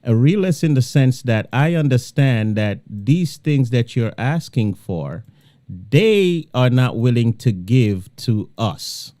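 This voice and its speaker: Slow, mellow-voiced male radio host. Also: medium pitch, animated, dry recording. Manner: emphatic, repeats phrases for stress. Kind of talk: live radio talk.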